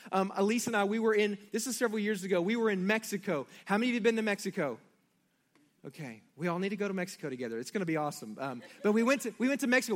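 A middle-aged man, a pastor, preaching a sermon and telling family stories directly to his congregation. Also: high voice. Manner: storytelling, animated, addresses the congregation directly.

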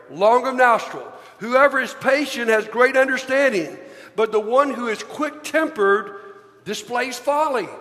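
Predigender Mann mit hoher Stimme, halliger Kirchenraum. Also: male voice, very high voice, a bit bright. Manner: folksy storytelling, leads the congregation in readings. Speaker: pastor. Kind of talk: sermon. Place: large church sanctuary. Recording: long church-hall reverb.

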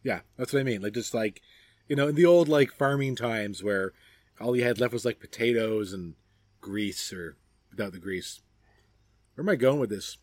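A man's voice: fairly low pitch, moderate pace, no echo. Rambling middle-aged man, dry sound. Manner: rambling, joking, trails off. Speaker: podcast co-host. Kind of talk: casual chat. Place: outdoors at a backyard gathering.

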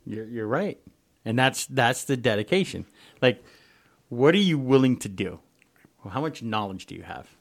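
A man co-hosting a casual sports podcast, mostly giving short agreeing replies and getting excited when he riffs. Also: mid-range voice, normal speed, long pauses. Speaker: podcast co-host.

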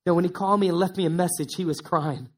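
A man's voice: sits high, fast talker. A man pastor preaching a sermon in a conversational way, repeating words for emphasis.

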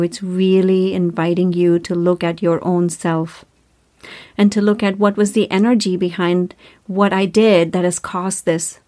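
A woman's voice: on the low side, a little mellow. A woman hosting a spiritual self-help podcast, talking earnestly and repeating herself, full of rhetorical questions. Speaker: podcast host.

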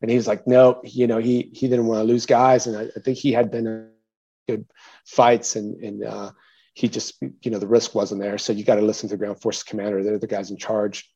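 A man telling a casual story as an interview guest, animated, with many fillers and restarts, raising his voice when he quotes others. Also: lowish voice, fairly quick, breathy edge, highs cut off. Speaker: interview guest, military veteran.

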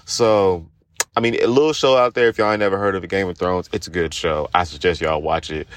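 A man's voice: fairly even intonation, brisk, no echo. Profane young man ranting through a recap. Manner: rambling, profane, swings into high-pitched squeals and shouts while retelling scenes; laughs often mid-sentence. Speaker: podcast host. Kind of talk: solo comedic recap monologue.

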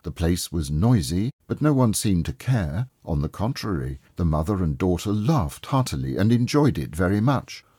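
A man narrating an abridged classic story in a measured, expressive audiobook reading. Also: deep voice, breathy edge, no room sound, clean studio sound.

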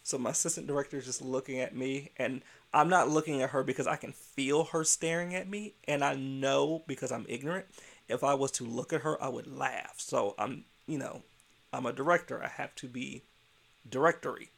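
A man who works as a childcare center director, telling a workplace story in a casual, blunt and animated way and acting out the dialogue. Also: medium pitch, normal speed, vocal fry.

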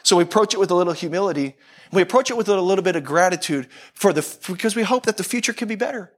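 A pastor with a high voice gives a loose, conversational sermon, repeating phrases again and again to drive his point home. He is expressive and racing.

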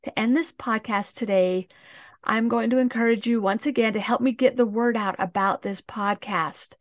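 Gentle, calm woman podcast host. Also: fairly high pitch, moderate pace, no echo, clean studio sound. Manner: calm, gentle guided-meditation delivery. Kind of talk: guided self-help podcast.

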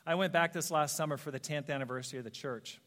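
A pastor preaching a sermon in a church, telling personal stories in an animated way and acting out the voices of people he quotes. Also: a little high, fast talker. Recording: long hall reverb.

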